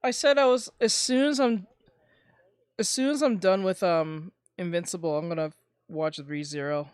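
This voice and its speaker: A woman streamer chatting casually, rambling and swearing, with bursts of loud ranting. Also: lowish voice, steady tone, normal speed, smooth, no echo, studio quality. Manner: rambling and profane, breaking into loud ranting and laughter. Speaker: streamer reacting to videos. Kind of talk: casual chat.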